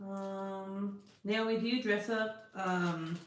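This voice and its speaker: A woman's voice: medium pitch, fairly even intonation, slow pace, echoey room. A woman chatting casually with viewers on a crafting livestream, profane and rambling, often breaking off to scold her cat. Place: indoor room at her craft desk.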